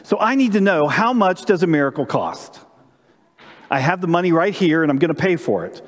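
A man's voice: a little high, big pitch swings, fairly quick, in a large hall, pitched above the performer's own voice. A man doing an earnest little girl. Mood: pleading. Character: earnest eight-year-old girl, sweet and determined.

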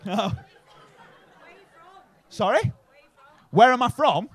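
A stand-up comedian with a Manchester-area accent works a comedy club crowd, swearing freely and tagging his lines with "right?". His voice sits high for a man, and his pitch swings widely as he talks. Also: lively intonation, very slow, husky. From Bury, near Manchester. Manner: swearing, chatty, keeps adding "right?".

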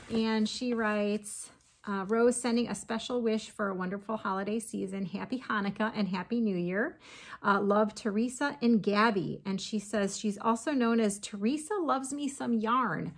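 Chatty woman with a gravelly edge. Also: fairly high pitch, fairly even intonation, a little slow. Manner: chatty and gushing, with frequent laughs. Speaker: crochet vlogger opening fan mail. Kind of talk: casual chat to camera.

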